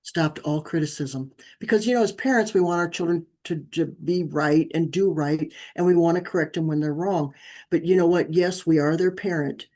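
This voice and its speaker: Warm-voiced woman telling animated stories. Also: sits low, moderate pace. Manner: animated storyteller, acts out quoted dialogue. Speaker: guest, parenting author. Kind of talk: conversational interview.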